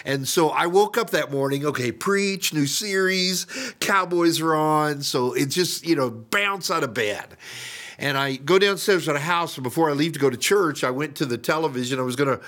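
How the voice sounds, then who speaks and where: An older man, a pastor, preaching a sermon and telling a story, acting out quotes with sudden jumps in pitch. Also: normal speed, a bit bright.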